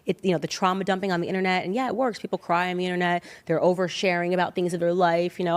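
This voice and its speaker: A woman in her thirties talking casually as a podcast guest, emphatic and animated, jumping up in pitch when she acts out other people. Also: very fast, hardly any pauses. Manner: emphatic, animated storytelling with sudden pitch jumps. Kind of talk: casual chat.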